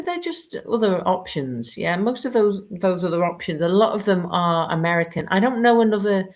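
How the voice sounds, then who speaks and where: A woman, chatting lively as an interviewer on a live stream. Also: medium pitch. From United Kingdom. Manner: chatty, lively, quick asides.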